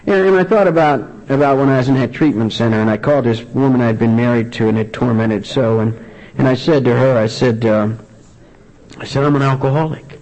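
A man speaking earnestly at a recovery meeting, sharing a personal testimony with many halting restarts. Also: mid-range voice, darkish tone. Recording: dull lo-fi recording.

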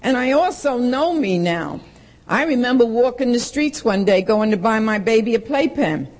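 A woman's voice: on the high side, animated, normal speed, darkish tone. A woman, giving a blunt, plain-spoken personal testimony at a recovery meeting and acting out the voices of the people in her story. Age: 60s.

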